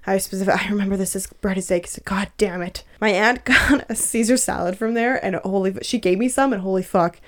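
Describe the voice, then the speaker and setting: Young woman, casual podcast chat, swears a lot, laughs through her story, mid-pitched voice. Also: fairly quick, hardly any pauses. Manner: profane, laughing, animated storyteller.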